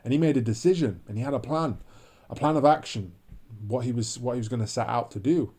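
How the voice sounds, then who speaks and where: A man's voice: mid-range voice, quick pace, darkish tone, slightly rough. A man ranting to camera in a preachy monologue, repeating his points with emphasis. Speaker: vlogger.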